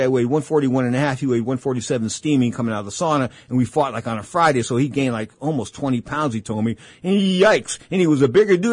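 Husky rambling boxing radio host, man. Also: mid-range voice, no echo. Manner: rambling, repeats himself, acts out old exchanges. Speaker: boxing talk show host. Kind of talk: casual radio commentary.

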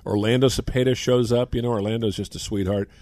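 A man's voice: mid-range voice, fairly even intonation, fast, a little mellow, no echo. A man in his sixties chatting as a guest on a sports talk show, a chatty storyteller. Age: 60s. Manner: chatty storyteller, mimics people in quotes. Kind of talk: casual radio talk.

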